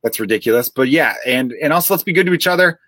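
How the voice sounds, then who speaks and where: A man's voice: fairly high pitch, lively intonation, fast talker, fairly bright tone, no room sound. A man in his thirties with a Chicago accent hosting a casual comedy podcast, rambling and swearing casually. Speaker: podcast host.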